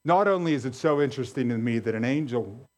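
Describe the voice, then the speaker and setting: A male pastor preaching a sermon, animated and emphatic, repeating key phrases for effect. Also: mid-range voice, fast.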